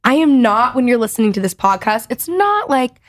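A woman in her twenties from Texas with a Valley Girl accent, hosting a podcast in loud, chatty casual talk full of "like". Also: fairly high pitch, fairly quick. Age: 20s. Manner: chatty, says like a lot, lively. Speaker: podcast host. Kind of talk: casual chat.

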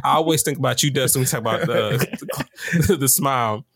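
A man co-hosting a casual podcast, telling stories with animated asides and high-pitched quoted reactions. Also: normal speed, vocal fry, slightly rough, dry recording, studio quality. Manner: animated storytelling, jumps high when quoting others. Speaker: podcast co-host. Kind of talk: casual chat.

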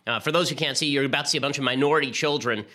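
A male host running his own political show, rattling through commentary and a sponsor read at a rapid clip. His delivery is argumentative, and his voice is bright and forceful. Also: medium pitch. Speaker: podcast host.

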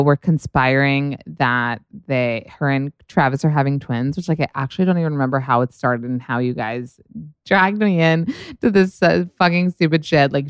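A woman's voice: deep voice, clear, resonant tone, no echo. A young woman hosting a podcast in casual chat, gushing, swearing a lot and saying "like" constantly. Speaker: podcast host.

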